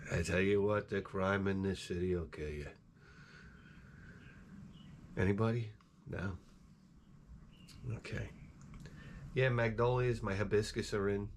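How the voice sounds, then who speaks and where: A man's voice: on the low side, steady tone, unhurried, long pauses, a little hiss or hum. A middle-aged man chatting casually while streaming a game, rambling and profane, with wisecracks. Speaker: gameplay streamer. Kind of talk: casual chat while gaming.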